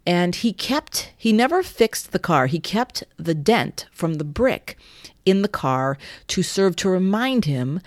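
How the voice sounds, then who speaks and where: Woman, podcast host, low pitch, lively storyteller, dry close recording. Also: takes it slowly, no room sound. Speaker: yoga studio owner and podcast host. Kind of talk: casual storytelling chat.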